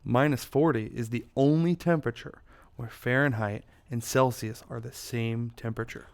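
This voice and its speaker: A man co-hosting a livestream, trading quick jokes and banter. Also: mid-range voice, steady tone, clean tone. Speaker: livestream co-host. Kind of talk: casual livestream Q&A.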